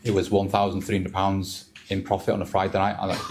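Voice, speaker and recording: Candid man, low voice. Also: monotone, fast talker, few pauses, background noise. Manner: candid, emotional, repeats words. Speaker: trader speaking on a panel. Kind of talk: live event talk. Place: event hall with an audience.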